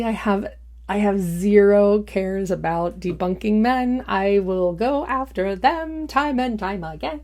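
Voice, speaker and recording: A woman's voice: medium pitch, measured pace, darkish tone. A young woman doing casual reaction commentary in a sarcastic, mocking way. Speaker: YouTube commentator.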